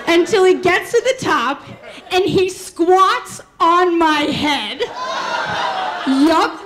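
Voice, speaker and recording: A woman telling a candid, rambling personal story on stage, laughing through her punchlines. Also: very high-pitched. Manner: candid, rambling, full of "like" and "you know". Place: storytelling stage before a live audience. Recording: live stage mic with audience noise. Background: audience laughter.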